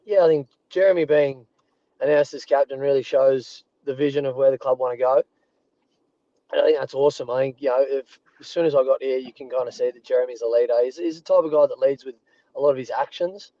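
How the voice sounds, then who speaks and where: A man in his thirties with an Australian accent, a rugby player guest telling animated anecdotes from a parked car over a remote call. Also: mid-range voice, fast talker, no room sound, dull audio. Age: 30s. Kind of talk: casual storytelling.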